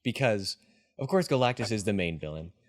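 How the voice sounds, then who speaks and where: A man with a lowish voice hosts a casual movie review chat on his podcast, speaking fairly quickly. He sounds excited and rambles eagerly, full of fillers and laughs.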